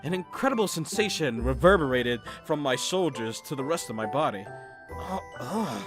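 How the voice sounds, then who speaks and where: A man reading a visual novel aloud with joking commentary, laughing at himself and dropping low for the narration. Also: big pitch swings, normal speed. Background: game music.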